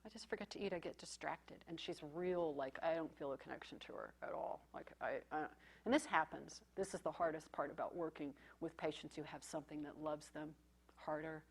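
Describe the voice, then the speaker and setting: A woman's voice: deep voice, steady tone, normal speed, husky. A woman therapist giving a conference talk, speaking in an intimate, reflective way that often drops to a near-whisper. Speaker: psychotherapist presenting case material.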